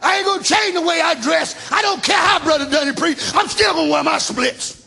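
High, gravelly shouting male preacher. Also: fairly quick, noisy background. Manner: shouting, call-and-response hallelujahs; colloquial, folksy speech. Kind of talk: sermon.

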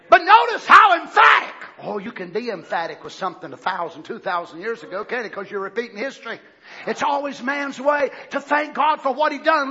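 Male preacher, very bright and piercing tone, fiery shouted sermon. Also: very high voice. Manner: fiery, shouting, mocking impressions. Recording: lo-fi muffled sound.

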